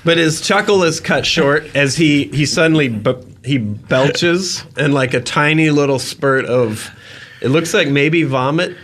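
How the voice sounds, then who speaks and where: Slow-talking male dungeon master. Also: on the high side, a bit bright. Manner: slow, vivid descriptive narration, laughing at his own gross details. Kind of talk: narrating a tabletop game.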